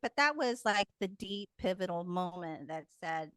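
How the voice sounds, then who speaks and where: A woman's voice: fairly low pitch, animated, normal speed, a bit bright, clean tone, dry recording, clean studio sound. A woman guest telling her personal story frankly and emotionally, swearing casually. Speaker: podcast guest.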